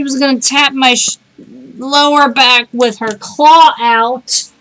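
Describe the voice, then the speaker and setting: A woman streaming a game live, reading the game's text aloud and chatting, reacting out loud and talking to her cat. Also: high-pitched, fairly even intonation, slow, rough recording.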